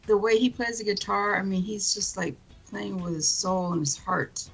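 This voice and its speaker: A woman's voice: mid-range voice, moderate pace, creaky, slightly rough, faint music behind, poor audio. A woman co-hosting a radio talk show, enthusiastic and gushing about the people she praises. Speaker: radio co-host. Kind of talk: casual chat.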